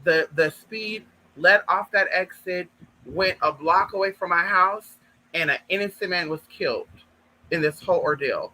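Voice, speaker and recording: A man telling a personal story to viewers in an animated, profane way, often calling them girl and y'all. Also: sits high, moderate pace, rough recording. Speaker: vlogger. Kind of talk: casual storytime monologue.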